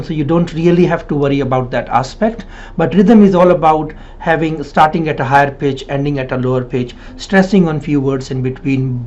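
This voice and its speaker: A man's voice: a little high, mellow. Direction: Hindi-man coaching, emphatic. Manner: emphatic, repeats points, frequent tag "right?". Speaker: PTE and IELTS trainer. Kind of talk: spoken exam-coaching lesson. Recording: slightly dull lo-fi sound.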